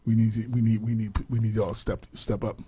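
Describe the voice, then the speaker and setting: A man in his forties, co-hosting a radio talk show, telling stories in a casual, animated way with laughs. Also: lowish voice, fairly quick, slight background noise. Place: radio studio.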